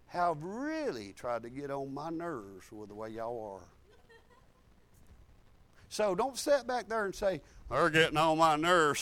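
High, lively preacher man. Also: no echo. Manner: folksy storytelling, animated, acts out quotes. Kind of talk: sermon.

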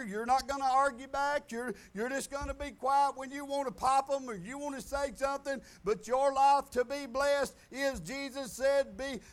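A pastor preaching a folksy sermon to his congregation, moving between loud declarations and quiet asides. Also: very high voice. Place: church sanctuary.

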